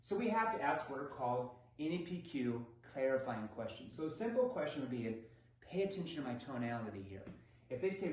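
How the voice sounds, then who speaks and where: Male sales trainer, lively pitch swings, demonstrates dialogue; recorded in a strongly reverberant space. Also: a little fast. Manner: demonstrative, acts out prospect and seller lines with shifting tone. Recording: very echoey room.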